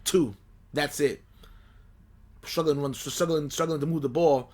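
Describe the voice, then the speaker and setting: Exasperated high-voiced man ranting. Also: measured pace. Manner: animated, exasperated, repeats himself. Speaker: sports podcast co-host. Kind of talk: casual fan chat.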